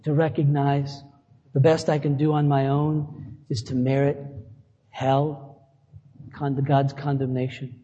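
A man's voice: mid-range voice, flat delivery, takes it slowly, pauses often, warm tone, husky, long reverb tail, muffled recording. A middle-aged male pastor preaching a conversational sermon, mixing scripture with self-deprecating asides.

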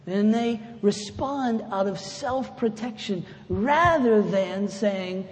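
A man's voice: slow, few pauses, a little hiss or hum. Preaching man in an echoey hall. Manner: conversational preaching, swings from loud emphatic to soft and low. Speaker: pastor. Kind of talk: sermon. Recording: echoey hall with faint ambience.

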